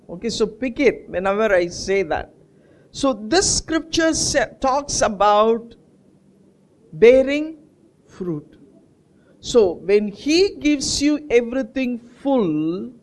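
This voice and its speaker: A preacher delivering a sermon, asking the congregation questions and answering them, and repeating key words for emphasis. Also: mid-range voice. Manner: call-and-response questions to the congregation; slow, stretched phrasing.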